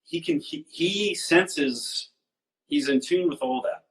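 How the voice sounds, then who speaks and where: A man's voice: on the high side, takes it slowly, low-quality recording. A man in casual conversation, telling stories about his son and acting out the lines of people in them. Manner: expressive, sings snippets and acts out quotes. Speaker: musician and guest.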